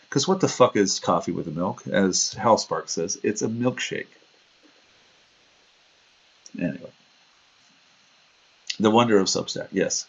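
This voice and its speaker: A man with a fairly low voice hosts a casual livestream, rambling from anecdote to anecdote. He laughs at himself and slips into quoted voices as he tells stories. The sound is dull and lo-fi, like compressed stream audio. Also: a little slow, vocal fry, long pauses, slightly rough. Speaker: livestream host.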